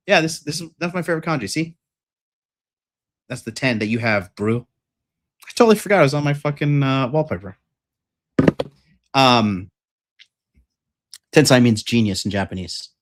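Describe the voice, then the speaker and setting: A young man hosting a dating-coach livestream speaks at medium pitch with a fairly bright tone. His rant is blunt, profane, and rambling, full of fillers.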